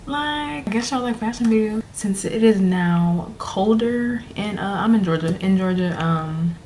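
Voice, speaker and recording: A woman's voice: mid-range voice, a little slow, a little mellow, a little hiss or hum. A young woman, out of breath and rambling with fillers as she casually vlogs from her bedroom. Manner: chatty, rambling, with many fillers. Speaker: vlogger. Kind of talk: casual chat.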